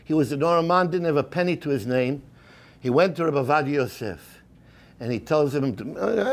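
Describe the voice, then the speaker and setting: A man giving a storytelling sermon as a rabbi, animated and mixing in Hebrew and Yiddish terms. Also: a little high, a little fast. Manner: animated, acts out the people in his stories.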